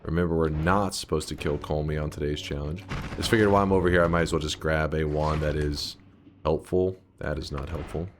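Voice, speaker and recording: Low-voiced man streaming a game. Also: steady tone, a little fast, background noise. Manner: rambling, thinks aloud and answers chat. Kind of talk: casual gameplay commentary.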